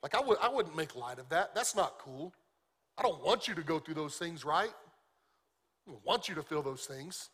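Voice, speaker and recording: A male pastor preaches in a loose, animated, conversational way and slips in jokes. His voice sits a little high and sounds bright and forceful. The delivery stays lively and informal throughout. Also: moderate pace, husky. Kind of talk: sermon.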